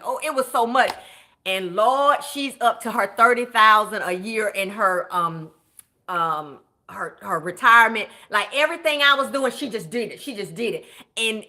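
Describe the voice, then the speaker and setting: A woman, a budget coach chatting casually with viewers in an animated way, shouting out greetings to them. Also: medium pitch. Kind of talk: casual live-stream chat.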